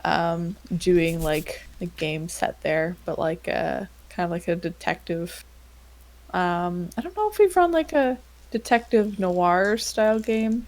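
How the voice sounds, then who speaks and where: A woman's voice: fairly low pitch, animated, takes it slowly, darkish tone. A woman hosting a casual podcast chat, rambling with lots of fillers and frequent laughter. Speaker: podcast host.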